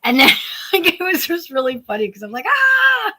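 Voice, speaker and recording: Casual female co-host, bright tone, rambling storyteller who trips over her restarts. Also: sits high, animated, brisk. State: sleepy. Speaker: podcast co-host. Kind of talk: casual chat.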